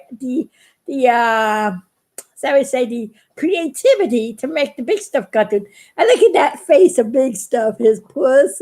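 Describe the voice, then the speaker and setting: A middle-aged woman with a high voice rambles through a personal story for her viewers. She giggles often and trips over her words as she restarts her sentences. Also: a little mellow. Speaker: vlogger.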